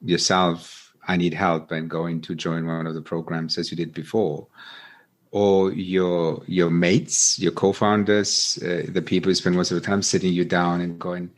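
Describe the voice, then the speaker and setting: A man interviewing a guest on a podcast, asking probing, deliberately provocative questions. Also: deep voice, flat delivery.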